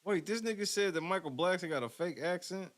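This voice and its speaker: A man's voice: high voice, a little fast. A man hosting a show, reacting to video clips in casual, profane commentary and laughing often. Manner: profane, laughing, talking back to the clip.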